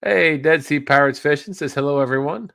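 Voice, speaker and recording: Man, co-host, reads live chat out loud, relaxed, dry close sound. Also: fairly high pitch, a little fast, gravelly, no room sound. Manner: easygoing, laughs between comments. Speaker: livestream co-host reading chat. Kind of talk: reading viewer comments aloud.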